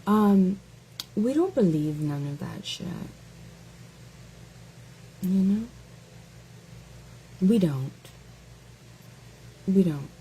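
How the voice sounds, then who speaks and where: A woman hosting a casual reaction stream in a mellow, unhurried voice, full of sarcastic, taunting rhetorical questions. She draws her words out slowly, leaning on them for effect. A faint hum of noise sits under her voice. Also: medium pitch, animated, rough recording. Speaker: live-stream host.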